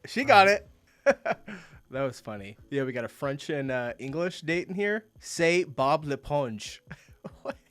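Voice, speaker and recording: A man's voice: on the high side, sing-song, normal speed, a bit bright. A man hosting a reaction video, chatting casually and laughing often, with bursts of disbelief. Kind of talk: casual commentary reacting to clips.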